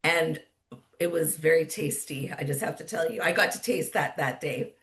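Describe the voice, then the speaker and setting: A woman's voice: low voice, normal speed, fairly bright tone. A woman with a Canadian accent moderating an online cooking class in a chatty, upbeat way, laughing often. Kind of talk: casual livestream chat.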